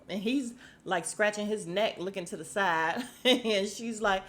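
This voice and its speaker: A chatty woman talks straight to her listeners from home, sassy and quick to laugh. Her voice sits at a middle pitch. A faint hum of household noise runs underneath her. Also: a bit bright. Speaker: podcast host recapping a reality show. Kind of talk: casual chat.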